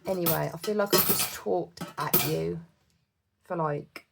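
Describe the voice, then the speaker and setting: A woman's voice: deep voice, a little slow, vocal fry, over loud music. A woman from the UK chatting casually to her viewers about her budget at home, heartfelt and full of fillers. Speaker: budgeting vlogger. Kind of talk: casual chat to camera.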